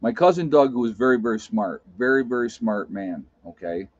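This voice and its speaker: A man's voice: mid-range voice, animated, brisk, a little mellow, husky, dry recording. A plain-spoken man chats on his live stream, telling stories and saying things just as he sees them. His voice sits in a middle register. The recording is dry and close, with a muffled, lo-fi quality. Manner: blunt, plain-spoken storyteller. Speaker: live-stream host reading chat. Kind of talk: casual live-stream chat. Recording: dull lo-fi sound.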